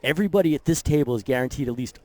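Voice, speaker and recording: A man's voice: mid-range voice, lively intonation, rapid-fire, warm tone. A man hosting a live poker tournament broadcast, upbeat and enthusiastic. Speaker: broadcast host.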